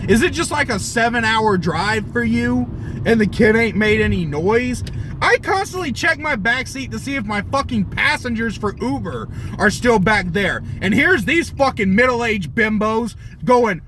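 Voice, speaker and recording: Young man, very high voice, lively swings in pitch, angry profane rant, shouting bursts, faint car hum. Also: unhurried, poor audio. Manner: furious, swearing, bursts into shouting. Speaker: vlogger and rideshare driver.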